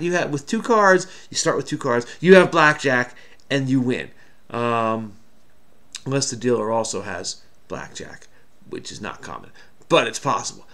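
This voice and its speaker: A man with a gravelly, mid-pitched voice hosts a crossword video and talks his way through the solve. He rambles and mocks himself as he goes, in casual chatter recorded on a desk mic at home. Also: a bit bright. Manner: rambling, self-mocking, chatty. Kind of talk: casual solo commentary while solving.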